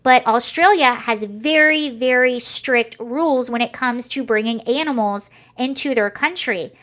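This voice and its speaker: A woman's voice: fairly high pitch, a little slow, a bit bright. A young American woman vlogging casual commentary, chatty and rambling with many fillers and restarts. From United States.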